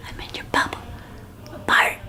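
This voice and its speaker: A woman's voice: moderate pace, pushed and bright, rough recording. A young woman hosting an art channel, talking in a playful pirate voice in whispered role-play.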